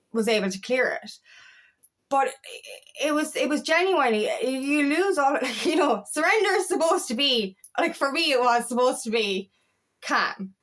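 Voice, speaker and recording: A woman's voice: a little high, fairly bright tone. A woman coach talking candidly and emphatically, swearing and restarting her sentences in a casual monologue. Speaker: feminine empowerment coach.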